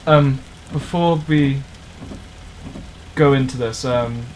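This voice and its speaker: A man's voice: medium pitch, takes it slowly, a little mellow, slight background noise. A man giving rambling, jokey let's play commentary on a driving game, swearing often. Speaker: gamer playing a driving game.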